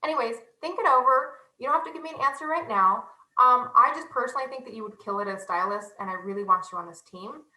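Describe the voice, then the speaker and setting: A young woman giving a casual, animated sales training talk, chatty and self-deprecating. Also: a little high, fast talker, roomy sound, low-quality recording.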